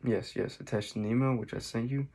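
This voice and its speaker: A man's voice: mid-range voice, steady tone, brisk, gravelly, warm tone. A man making a scripted sales call to a prospect, delivering it in a subdued, meek way.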